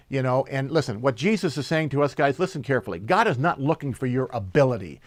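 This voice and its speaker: A man preaching a sermon and reading scripture, telling stories with lively energy and slowing down for emphasis. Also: mid-range voice, no room sound. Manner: animated storyteller, slows for emphasis, laughs while telling. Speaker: pastor.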